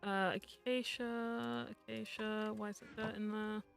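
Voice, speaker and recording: Streamer for a chatty gaming stream, teasing and rambling, bright and smooth, soft music underneath. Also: medium pitch, flat delivery, measured pace. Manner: rambling, teasing, mutters to self while playing. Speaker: VTuber streamer. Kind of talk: casual live-stream chat while gaming.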